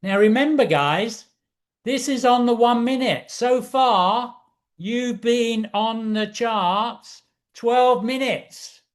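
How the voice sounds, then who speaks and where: A man walking through trading charts as an instructor, excitable and showy, repeating key phrases over and over. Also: very high voice, slow pace. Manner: excitable, repetitive, showman-like. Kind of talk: screen-share trading walkthrough.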